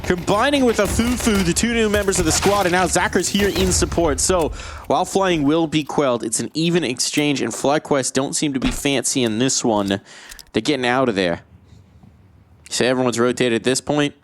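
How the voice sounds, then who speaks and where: A man doing live play-by-play esports commentary, excitable and quick to jump into fast shouts during big plays. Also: a little high, a little hiss or hum.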